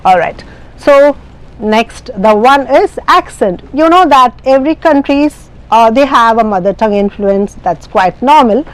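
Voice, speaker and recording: A woman's voice: on the high side, animated, a little slow, poor audio. A woman with an Indian English accent, teaching an IELTS speaking lesson in an explanatory way, with many fillers and restarts. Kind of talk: classroom lecture.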